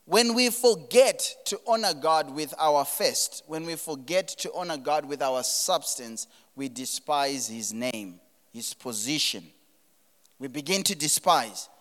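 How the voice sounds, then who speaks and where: A man's voice: a little high, expressive, a little slow, fairly bright tone, long reverb tail. A man preaching a sermon, building emphasis and repeating words as he drives his points. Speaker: pastor.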